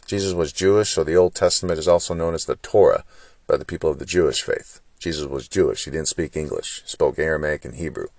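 A man with a very low voice, hosting his own podcast as a solo monologue. He lectures with frustration and fires off rhetorical questions. The sound is close and dry, with no room behind it. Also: quick pace, a little mellow, dry recording. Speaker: podcast host.

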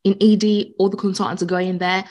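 A woman's voice: mid-range voice, little pitch movement, fairly quick, darkish tone. A woman, a nurse co-hosting a podcast, explaining her point at length in casual chat. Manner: explains at length, talks over others. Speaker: nurse prescriber and podcast co-host.

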